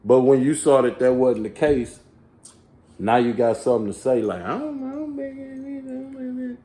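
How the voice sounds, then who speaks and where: A man in casual podcast chat, animated and mocking, swearing and laughing often. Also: medium pitch, normal speed. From Texas. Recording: echoey room.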